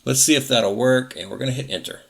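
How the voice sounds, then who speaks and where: A man hosting a tech tutorial, casually narrating each step of a software setup and correcting himself as he goes. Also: medium pitch, fast talker, vocal fry. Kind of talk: screen-recorded software walkthrough.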